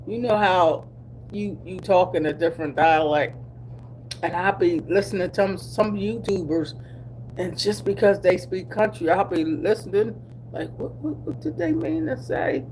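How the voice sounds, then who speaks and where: A middle-aged woman from Delaware, a vlogger speaking Black American English, chats casually with her viewers live, slow and drawling, easygoing, with laughs and asides. Her voice is fairly low with a darkish tone over slight background noise.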